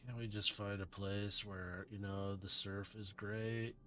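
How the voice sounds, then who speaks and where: Guy doing a sleepy surfer dude robot, slow drawl, real chill. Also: lowish voice, level tone, fairly bright tone. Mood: dazed. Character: laid-back surfer-dude male robot, drowsy.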